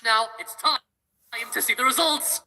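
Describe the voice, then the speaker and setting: A woman's voice: high voice, unhurried, vocal fry, pushed and bright, slight background noise, heavily acted. A woman voicing a teasing show character.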